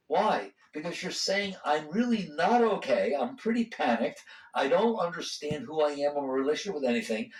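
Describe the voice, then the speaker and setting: A man's voice: fairly high pitch, distant mic. A man giving a spiritual talk to a live audience, speaking conversationally and putting pointed questions to the listeners. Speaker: spiritual teacher. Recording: roomy hall sound, voice from off the mic.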